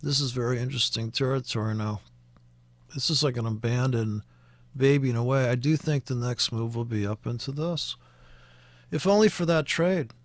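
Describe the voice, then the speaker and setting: A man with a mid-range voice and a Canadian accent talks at normal speed through currency charts in a casual screen-share. As a forex trading commentator, he rambles with lots of fillers and restarts, recorded dry.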